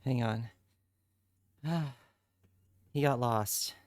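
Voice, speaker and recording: Man, live streamer, casual chat, unhurried delivery, cursing, dry close sound. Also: medium pitch, no room sound. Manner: chatty, swears freely, reads and answers chat.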